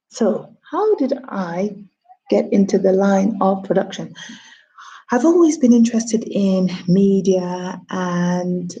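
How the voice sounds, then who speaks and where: Slow talking woman in her 30s, chatty livestream, mellow voice, bit muffled. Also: mid-range voice. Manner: chatty, talks to herself and viewers. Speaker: TV producer. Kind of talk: casual livestream chat.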